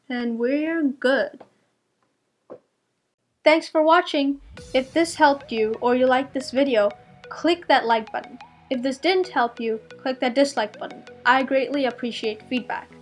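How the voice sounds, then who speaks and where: A young woman tutoring math to young students, patiently explaining each step and checking her answers. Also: high voice.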